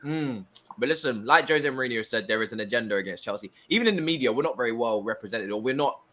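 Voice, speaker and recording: Animated young man, jokey football chat. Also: mid-range voice, fast talker. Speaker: podcast co-host.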